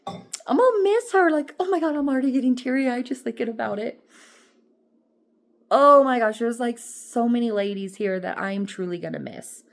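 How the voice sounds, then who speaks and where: A woman's voice: a little high, moderate pace, creaky. A woman vlogger and rideshare driver talking in a chatty, rambling, emotional and upbeat way. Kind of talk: casual vlog chat.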